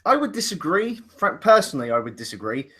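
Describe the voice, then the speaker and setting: A man in a casual chat who argues his opinions and cracks jokes. His voice sits fairly high and sounds bright. His delivery is lively and animated, and he stops and restarts his sentences as he goes. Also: fast, slightly rough. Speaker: podcast co-host.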